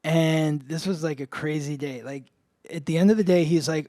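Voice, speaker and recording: A man's voice: fairly high pitch, normal speed, dark tone, no room sound, studio quality. A man co-hosting a podcast, telling a story in a casual chat full of "like" fillers. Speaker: podcast co-host, astrologer.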